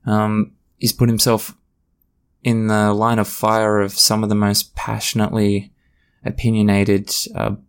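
A man with a low, gravelly voice hosts a solo podcast, talking bluntly and with passion. His delivery is a ranting monologue with plenty of feeling behind it. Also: monotone, a little slow. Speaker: podcast host.

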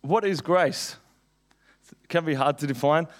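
Hoarse man preaching in church. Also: on the high side. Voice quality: slightly husky. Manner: casual, chatty opening then slow earnest prayer. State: hoarse, frog in throat. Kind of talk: sermon and prayer. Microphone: handheld mic.

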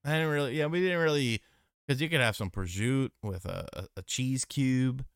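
A man co-hosting a podcast in casual chat, cursing freely and telling animated stories. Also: mid-range voice, moderate pace, clean tone, no echo, studio quality. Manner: profane, animated storytelling. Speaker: podcast co-host.

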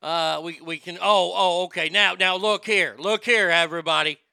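A man's voice: high voice, fairly even intonation, normal speed, creaky, sharp tone, clean tone, no room sound, clean studio sound. A man hosting a live stream, chatting casually, ranting with profanity and reading viewer comments aloud.

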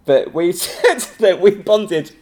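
A man's voice: sits high, slow. A man, an improv teacher chatting casually as a guest, telling stories with lots of laughter and acted-out quotes. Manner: animated storytelling, laughing often, acting out quotes. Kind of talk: casual anecdotal chat.

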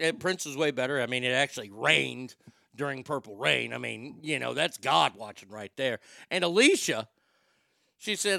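A man in his forties chats casually on a livestream from his home studio. He rambles and jokes, with swearing mixed in. His voice is slightly high, very bright, and dry, with no room sound. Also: normal speed, gravelly, no echo. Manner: joking, profane, rambling. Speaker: livestream host.

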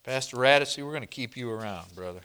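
A man preaching a sermon to a congregation, slow and emphatic, often asking the room questions and answering them. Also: mid-range voice, fairly bright tone, smooth. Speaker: pastor.

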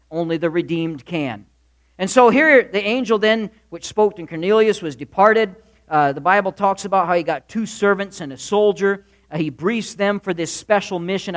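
A man preaching a sermon, animated and humorous, acting out the quotes he reads. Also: sits high, moderate pace.

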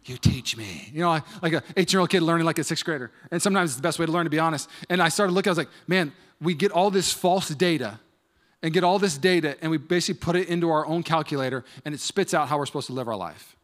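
A young man preaching a sermon in a church, telling stories with lively voices and many fillers. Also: fairly high pitch, quick pace. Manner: animated storytelling with voices and fillers. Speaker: pastor.

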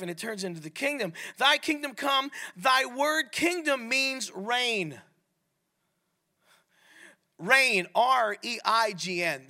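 High bright animated preacher man. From Italian heritage. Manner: animated, asks the crowd questions. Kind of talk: sermon.

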